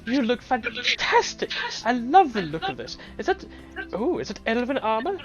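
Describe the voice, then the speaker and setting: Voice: mid-range voice, wildly swooping pitch, moderate pace, dull audio, faint music behind, voice pushed up. A game master voicing a fussy old woman baker who talks nonstop and gushes over guests. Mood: gushing. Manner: gushing, nonstop talking, fussing.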